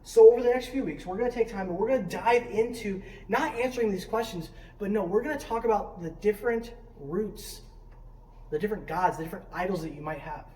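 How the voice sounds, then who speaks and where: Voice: medium pitch, fairly quick, warm tone. Roomy, distant youth preacher in a sanctuary. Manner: conversational, asks many questions, frequent "right?" tags. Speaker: student ministry leader. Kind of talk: youth sermon. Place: church sanctuary. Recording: roomy sound from a distant mic, faint noise.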